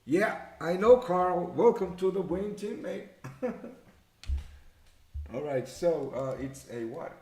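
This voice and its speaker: A man's voice: sits high, expressive, slow pace, pauses often, mellow. A man hosting a live trading show, chatting casually, thinking aloud, muttering figures and swearing now and then. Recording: echoey room.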